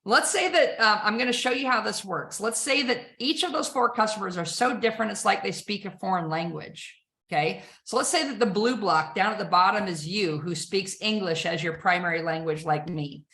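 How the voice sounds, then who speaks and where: A woman giving an energetic sales presentation, firing rhetorical questions at her audience with emphasis. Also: medium pitch, normal speed. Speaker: sales trainer. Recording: echoey room.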